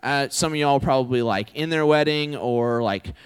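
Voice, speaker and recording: A man in his twenties gives a sermon in a relaxed, conversational way, often turning questions to the audience. His voice sits in a middle range. The sound carries a long reverb, as in a big hall. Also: mid-range voice, normal speed, clean tone. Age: 20s.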